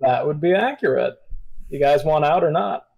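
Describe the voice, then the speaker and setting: A man's voice: on the high side, lively intonation, moderate pace, gravelly, a little mellow. A man playing in a tabletop game, dry and understated. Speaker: player. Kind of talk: casual tabletop game play.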